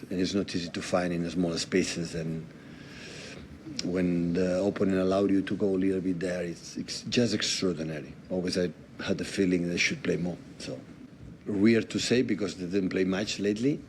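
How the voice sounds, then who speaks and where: A man from Spain speaking English as a football manager at a press conference, halting and repeating words, with loose grammar. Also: low-pitched, fairly even intonation, a little mellow, a little hiss or hum. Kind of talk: press conference answers in non-native English.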